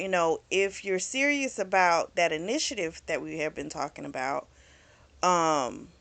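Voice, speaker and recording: A woman casually reviewing a book, retelling the plot in a chatty, expressive way with slang and many asides. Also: medium pitch. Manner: chatty and expressive, quoting characters with outrage; informal slang, frequent "like" and "you know".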